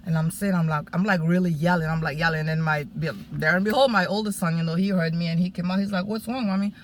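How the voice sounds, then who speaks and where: A woman sharing a personal testimony in casual, animated storytelling, full of fillers and acted-out quotes. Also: fairly low pitch, fast talker, slight background noise. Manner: animated, acts out quoted speech, many fillers.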